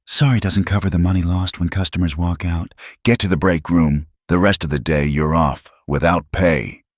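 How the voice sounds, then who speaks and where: A man's voice: low-pitched, normal speed, no room sound, studio quality. A man voicing a harsh male store manager who snaps and growls at his staff. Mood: angry. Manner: snapping, growling.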